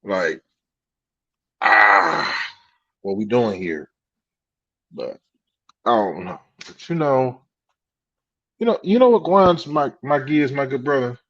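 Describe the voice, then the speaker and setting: A man co-hosting a podcast in casual chat, telling animated stories, swearing freely and laughing at himself. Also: mid-range voice, measured pace, pauses often, no echo, muffled recording. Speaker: podcast co-host.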